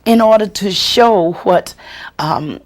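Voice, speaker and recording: A woman storyteller teaching a workshop and answering audience questions, expressive and deliberate, acting out the voices she quotes. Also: medium pitch. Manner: slow, deliberate delivery with chuckles.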